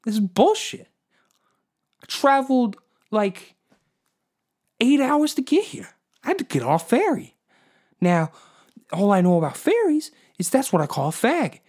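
A man putting on a brash, shouting tough-guy movie star. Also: very high-pitched, huge pitch swings, unhurried, long pauses, pitched above the performer's own voice, full character voice. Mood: blustering. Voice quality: loud, blustering, profane.

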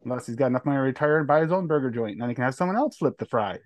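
A man's voice: medium pitch, expressive, rapid-fire, no room sound. A man in casual podcast banter, loose and joking as he trash-talks a fighter.

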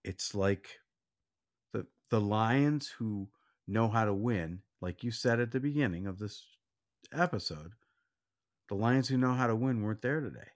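A man co-hosting a casual sports podcast, speaking earnestly and reflectively, sometimes dropping to a quiet voice. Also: lowish voice, unhurried. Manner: earnest, reflective, drops to a soft, quiet voice when doubtful. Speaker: podcast co-host.

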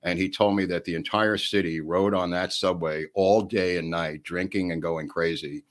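Older NY guy, very low voice, chatty podcast co-host who acts out every quote. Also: steady tone, moderate pace. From New York. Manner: rambling anecdotes, laughing often, pitch jumping up when acting out quotes. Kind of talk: storytelling in casual chat.

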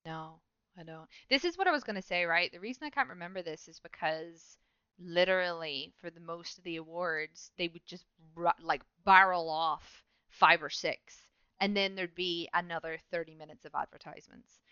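Bright, crisp-voiced woman podcast host. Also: lowish voice, no echo, lo-fi sound. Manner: rambling, self-mocking, quick to laugh. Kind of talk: casual gaming podcast chat.

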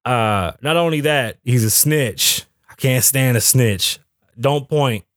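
A man's voice: medium pitch, takes it slowly, fairly bright tone, dry recording, studio quality. A middle-aged man hosting a podcast, telling a story in a brash, profane, boastful way and slipping into voices of the people in it. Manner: profane, boastful, mimics others mid-story. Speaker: podcast host. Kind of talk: animated storytelling rant.

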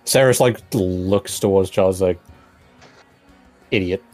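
Low-voiced man playing a tabletop game. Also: steady tone, brisk, a little mellow, faint music behind. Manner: loose, filler-heavy. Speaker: player.

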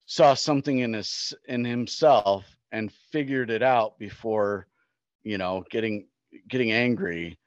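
Middle-aged man, podcast co-host, reflective and earnest, lowish voice, dull lo-fi sound. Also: measured pace, no room sound. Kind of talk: casual chat.

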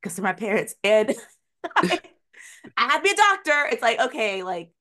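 A chatty, lively young woman co-hosts a podcast, recapping a TV episode in casual chat. Her voice is a little high and her speed normal. She's animated, acting out characters' lines mid-story, laughing often and using plenty of likes and ums.

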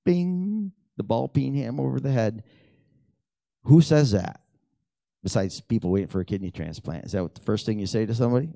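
A middle-aged man telling prayer stories in a lively, animated way, acting out the dialogue. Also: moderate pace, vocal fry, no echo, clean studio sound. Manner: animated storyteller who acts out dialogue with big pitch jumps. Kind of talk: storytelling testimony talk.

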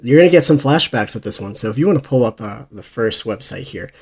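A man's voice: mid-range voice, animated, fast, vocal fry, darkish tone, husky. A young man co-hosting a casual podcast with his best friend, joking around in a playful way. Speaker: podcast co-host. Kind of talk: casual chat.

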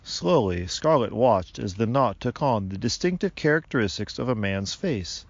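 Man calmly narrating a storybook. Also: mid-range voice, moderate pace, no echo, highs cut off.

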